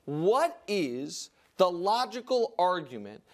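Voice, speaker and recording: Male sports-talk host, high voice, emphatic debater. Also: very animated, slow pace. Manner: emphatic, argumentative, stacks points.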